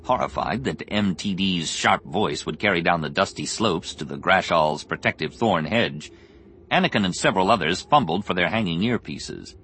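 A man narrating an audiobook in an expressive, measured storytelling voice, with music underneath. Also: low voice, slightly rough. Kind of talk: scripted narration.

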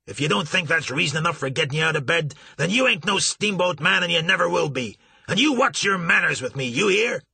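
A man puts on a blustering older steamboat captain, loud and blunt, with a folksy drawl. His voice is husky and bright, and his pitch climbs high when he shouts. The sound is close and dry. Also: a little fast, no room sound, exaggerated voice. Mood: indignant.

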